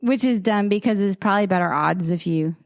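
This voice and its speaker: A woman's voice: mid-range voice, brisk, no room sound, studio quality. A woman co-hosting a podcast, chatting casually, telling rambling stories and laughing often. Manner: giggly, rambling storyteller. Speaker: podcast co-host. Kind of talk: casual comedic chat.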